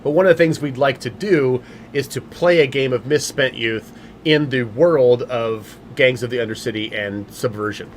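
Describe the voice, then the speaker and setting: A man's voice: mid-range voice, normal speed, slight background noise. A man hosting a game company livestream, chatting casually with many fillers and restarts.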